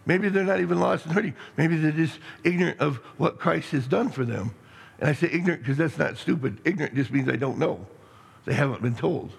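A middle-aged man preaching a sermon as pastor, rambling and excitable, with many restarts and stammers. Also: a little high, a little fast, vocal fry, husky. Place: church sanctuary. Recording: long reverb in a hall.

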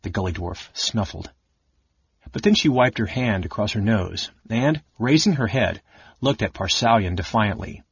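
A man narrating a fantasy audiobook with a steady, expressive reading. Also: fairly low pitch, a little slow, long pauses, breathy edge, no room sound, dull audio. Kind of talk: scripted narration.

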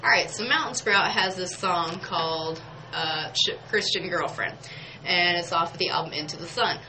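A woman's voice: on the low side, moderate pace, pushed and bright, a little hiss or hum, low-quality recording. A woman, hosting a local radio show in casual, chatty talk, laughing often and saying "y'all.". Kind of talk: casual on-air chat. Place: radio studio.

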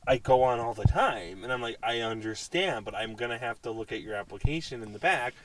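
A man's voice: mid-range voice, lively intonation, brisk, far from the mic, a little hiss or hum, rough recording. A man in his twenties, co-hosting a podcast and telling a rambling anecdote full of quoted dialogue. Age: 20s. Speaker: podcast co-host. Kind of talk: casual chat, storytelling.

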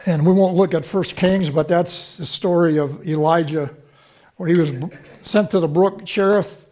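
A man's voice: on the high side, moderate pace, a little mellow. A man preaching a sermon, teaching from scripture and checking in with the congregation through short rhetorical questions.

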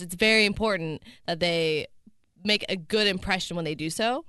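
A woman's voice: fairly low pitch, normal speed, a bit bright, smooth, no echo, clean studio sound. Giggly young woman with a slight lisp. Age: 20s. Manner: giggly, playful and teasing. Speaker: podcast co-host. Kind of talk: casual chat.

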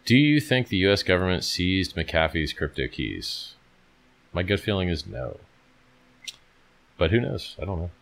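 A man's voice: low voice, big pitch swings, measured pace, gravelly, long pauses, a bit bright. A tired man hosting a casual livestream, talking bluntly with plenty of swearing as he reads and answers viewer questions. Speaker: livestream host answering chat.

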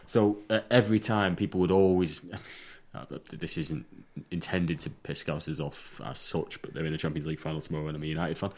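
An English man with a very low voice talks in a loose, rambling way, doubling back on his own words as he jokes with friends. He hosts a casual podcast chat from an attic room. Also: steady tone, a little fast, hardly any pauses. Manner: rambling, jokey, repeats words.

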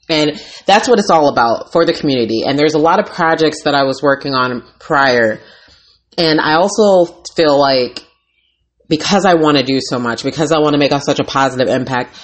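A woman hosting her own podcast as a life coach, talking in a raw, candid and emphatic way. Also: very deep voice. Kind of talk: casual motivational talk.

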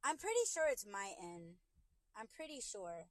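A woman's voice: mid-range voice, sing-song, normal speed, no echo, low-quality recording. A woman hosting a podcast livestream from her car on a phone, talking bluntly with lots of swearing and going over the same points again and again. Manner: blunt and profane, repeats herself. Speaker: podcast host. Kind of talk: casual livestream rant.

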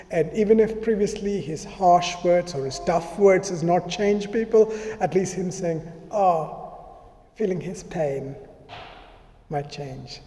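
A man's voice: high-pitched, dark tone, slight background noise. A male pastor giving a sermon in a conversational way, often acting out what people said. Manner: conversational preaching, acting out quoted speech. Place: church. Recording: reverberant church hall.

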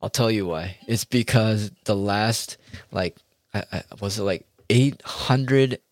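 A man's voice: on the low side, slow pace, no room sound, studio quality. A man talking straight to his audience in a rambling, heated monologue, full of swearing. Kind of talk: casual ranting monologue.

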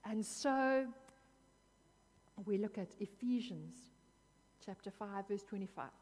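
A woman's voice: mid-range voice, expressive, takes it slowly, a little mellow, in a large hall. A woman preaching a sermon in an earnest, emphatic way, repeating phrases for weight.

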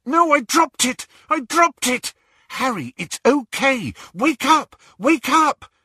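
A man's voice: mid-range voice, sing-song, slow, fairly bright tone, slightly rough, no echo, clean studio sound, exaggerated voice. A man voicing a worried, earnest teenage girl, a young witch. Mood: urgent alarm.

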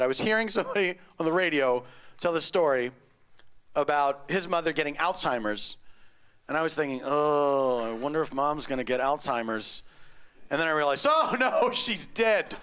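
Wry middle-aged man doing stand-up. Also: sits high. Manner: wry, deadpan storytelling with sudden loud outbursts. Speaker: stand-up comedian. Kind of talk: stand-up comedy set. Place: comedy club stage before a live audience.

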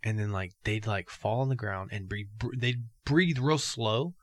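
A man co-hosting a casual podcast, goofy and profane and quick to laugh. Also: fairly low pitch, dry recording. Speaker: podcast co-host.

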